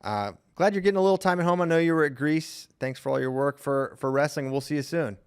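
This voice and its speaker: Upbeat podcast host, smooth clear voice. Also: male voice, on the high side, quick pace. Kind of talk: casual podcast chat.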